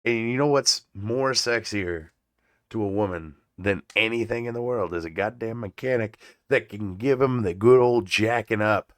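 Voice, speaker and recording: Recorded dry and at studio quality, a man with a lowish voice speaks at normal speed while hosting his own casual comedy podcast, telling rambling, foul-mouthed stories and laughing often.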